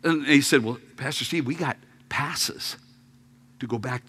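A male pastor preaching from the pulpit with a bright, forward voice. He tells an anecdote full of jokes, sinking to hushed lines and then bursting out loud. A faint hum sits under the sound. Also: medium pitch, expressive, moderate pace. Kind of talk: sermon. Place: church sanctuary.

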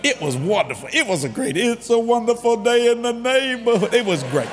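A man preaching a sermon, telling stories with humor and bursts of shouting. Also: very high-pitched, brisk, long reverb tail, a little hiss or hum. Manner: animated storytelling with humor and sudden shouts.

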